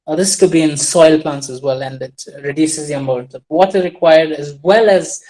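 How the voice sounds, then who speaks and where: This farming-trends commentator has a fairly high but dark-toned voice and speaks at a normal speed, with poor audio. He rambles while sharing his screen, digressing freely, restarting frequently, and poking wry fun at himself.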